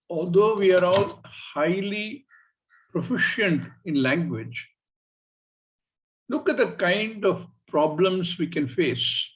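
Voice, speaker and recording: A man with an Indian English accent, teaching a scripture class in a measured way and acting out everyday examples. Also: high voice, highs cut off. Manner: measured, illustrative, acts out examples. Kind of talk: spiritual class lecture.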